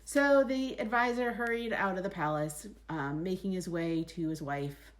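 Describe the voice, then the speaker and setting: A woman's voice: fairly low pitch, moderate pace. A woman storyteller telling a folk tale aloud in a casual, chatty way with asides to the listener.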